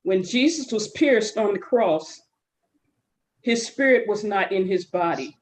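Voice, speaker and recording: A woman speaks very slowly on a group video call, sharing a spiritual testimony. She is earnest and leaves long pauses between her thoughts. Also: medium pitch, expressive, slight background noise. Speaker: group member.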